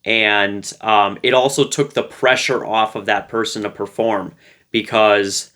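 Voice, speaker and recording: A man talks casually to camera, sharing social advice in a relaxed, playful way. His voice sits fairly low and has a bright, forceful edge, and he fills his sentences with loose fillers and restarts. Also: a little slow. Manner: loose and conversational, full of fillers; playful, light-hearted. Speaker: relationship advice creator.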